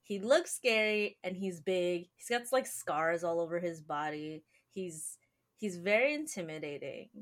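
A woman's voice: on the low side, animated, measured pace. A woman hosting a podcast in casual chat, chatty and full of fillers, laughing often. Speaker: podcast host.

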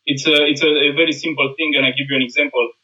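रोमानियाई लहजे वाला तीखी आवाज़ का आदमी. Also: male voice, a little high, fairly even intonation, sharp tone, lo-fi sound. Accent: Romanian. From Romania. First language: Romanian. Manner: earnest, halting non-native phrasing with many restarts. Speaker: guest, combat instructor. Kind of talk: casual conversation.

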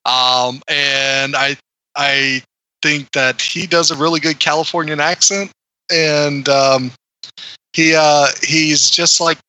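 A man's voice: on the high side, steady tone, takes it slowly, bright, forceful tone, no room sound, low-quality recording. A man reviewing a film on a podcast in casual chat, hesitant with many fillers.

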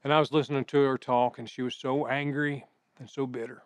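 Smooth-voiced man preaching conversationally. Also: mid-range voice, flat delivery, fairly quick, dry recording. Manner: conversational preaching with personal stories. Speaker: pastor. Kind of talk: sermon.

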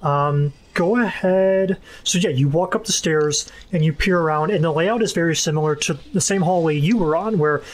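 A man narrating as game master in a tabletop game, casual and halting, with many fillers. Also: fairly high pitch, slight background noise.

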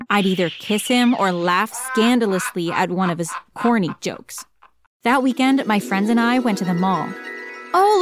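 A woman reading a first-person story aloud as a storyteller, in an expressive, dramatic way. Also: mid-range voice. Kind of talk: scripted first-person narration.

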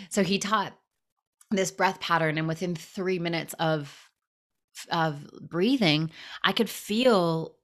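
A woman in her thirties, a podcast guest telling stories in a lively, casual way and acting out what people said. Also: low voice, unhurried. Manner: animated storyteller, acts out quotes. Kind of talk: casual storytelling interview.

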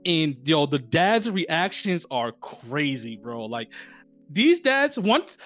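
A man co-hosting a casual podcast, telling stories in a slangy, animated way. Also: a little high, takes it slowly, soft background music. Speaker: podcast co-host. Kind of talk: casual chat.

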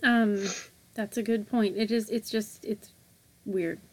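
A woman's voice: medium pitch, steady tone, slow. A woman co-hosting a podcast in casual chat, talking loosely with many fillers and a playful tone. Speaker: podcast co-host.

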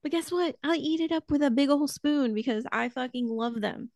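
A gravelly, creaky-voiced woman talking fast and excited on a podcast she co-hosts, gushing and cursing freely. Her voice sits a little high, and the sound is close and dry with no room around it. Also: no echo. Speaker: podcast co-host. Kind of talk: casual chat.

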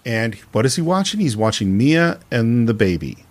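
A man's voice: medium pitch, very animated, normal speed, a little mellow. A man co-hosting a film podcast, retelling scenes and acting out bits of dialogue in casual discussion.

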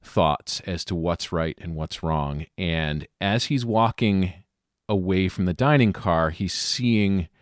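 A man playing in a tabletop horror game, thinking aloud about his character with many pauses and ums. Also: deep voice, no room sound, studio quality. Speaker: player.

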